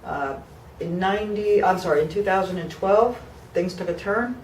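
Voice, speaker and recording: A New Jersey woman in her fifties gives an emotional patient testimonial, heartfelt and near tears, full of fillers and restarts. Her medium-pitched, slightly mellow voice moves at a moderate pace. The rough recording is reverberant and distant, with a little hiss or hum.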